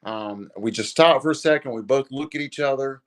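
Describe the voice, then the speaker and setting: A brisk man with a medium pitch earnestly recounts a personal story as a podcast guest. He speaks casually, leaning on "dude" and "man," and at moments chokes up in this emotional storytelling conversation.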